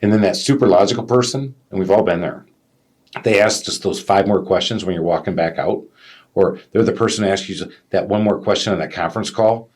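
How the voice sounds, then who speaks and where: Husky, animated male podcast host. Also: low-pitched, brisk. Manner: animated storyteller, acts out customers' voices. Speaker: podcast co-host, business owner. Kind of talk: casual business podcast chat.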